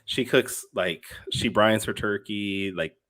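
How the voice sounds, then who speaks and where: A man's voice: lowish voice, slow pace, a bit bright. A man guesting on a podcast over a video call, bantering casually and laughing easily. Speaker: guest, comic publisher. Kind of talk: casual chat.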